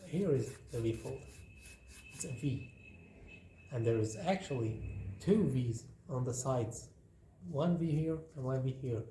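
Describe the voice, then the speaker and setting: A man walks through a paper craft step by step in an unhurried, repetitive way. His voice is mellow, and his speech is slow. The room sounds echoey, with a faint hiss underneath. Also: mid-range voice. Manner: relaxed, repetitive, talking while folding paper. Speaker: craft tutorial host. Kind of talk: hands-on craft demonstration. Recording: roomy echo, faint noise.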